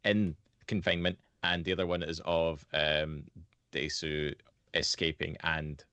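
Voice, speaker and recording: A man's voice: deep voice, level tone, a little slow, bright, forceful tone, clean tone, dry recording, muffled recording. A young man co-hosting a podcast, chatting loosely about a film, rambling and swearing freely as he acts out lines. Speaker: podcast co-host. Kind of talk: casual film discussion.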